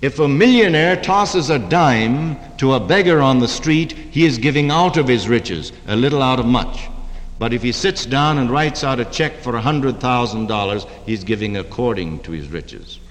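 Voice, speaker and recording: A male preacher delivers a sermon with a lively, swinging cadence, his voice rising and falling widely. The sound carries a long hall reverb around him. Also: medium pitch, moderate pace. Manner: lively preaching cadence, dropping to soft prayerful tones. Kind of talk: sermon with scripture reading.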